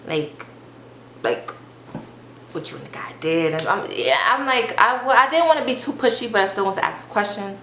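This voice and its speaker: A woman's voice: lowish voice, fairly bright tone. Chatty young woman telling a story. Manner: chatty, many fillers and "I'm like" quotes. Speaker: vlogger. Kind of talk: storytime vlog, casual retelling. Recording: echoey room, faint background noise.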